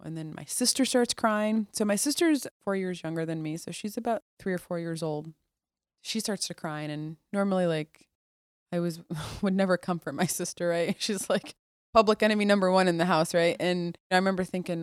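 A woman with a somewhat low voice tells her personal story to an interviewer in a candid, conversational way. She restarts her sentences and often drops soft and quiet. Her voice sounds close and dry, with no room echo. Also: normal speed. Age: adult. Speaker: podcast guest, Air Force officer.

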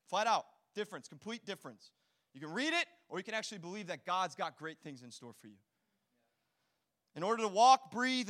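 A man preaching a sermon in a church hall, animated and storytelling, acting out quotes. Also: high-pitched. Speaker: pastor.

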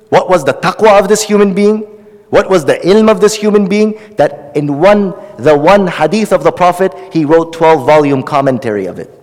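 A man's voice: fairly high pitch, a little mellow, long reverb tail. A man teaching hadith, delivering an impassioned sermon with pleading, repetitive emphasis. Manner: passionate, pleading, rising and falling emphasis, repeats phrases.

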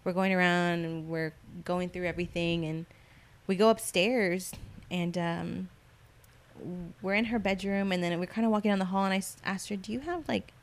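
A woman in casual chat, telling stories in a slangy, animated way and acting out the voices of the people she quotes. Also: lowish voice, normal speed.

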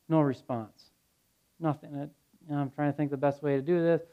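A man's voice: on the high side, steady tone, fast. Blunt earnest male pastor preaching. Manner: earnest, blunt and conversational storytelling. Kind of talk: sermon. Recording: dull lo-fi sound.

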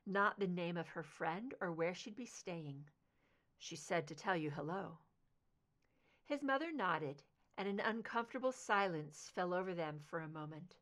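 A woman reading fan fiction aloud, narrating in an expressive, emotive way. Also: mid-range voice. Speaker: audiobook reader.

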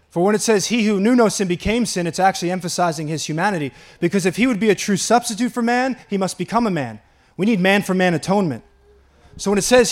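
Pastor, male, high-pitched, earnest sermon delivery, lingers on key phrases. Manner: earnest preaching, slows for emphasis, laughs in delight.

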